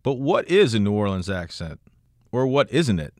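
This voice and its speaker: Guy doing a radio news feature, lowish voice, steady measured read, dry close sound. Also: no room sound. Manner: measured, even storytelling delivery. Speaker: radio reporter. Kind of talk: scripted news feature narration.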